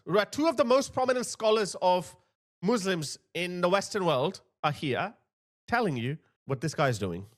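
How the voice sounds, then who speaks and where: A high-pitched man delivers political commentary with a wildly lively voice that leaps up and down. He is sarcastic and emphatic, pressing each point hard. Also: normal speed. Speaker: host.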